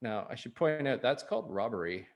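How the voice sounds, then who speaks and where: Animated man reading to kids. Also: medium pitch, brisk. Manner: chuckling asides. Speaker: early-years program reader. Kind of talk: reading a picture book aloud to children.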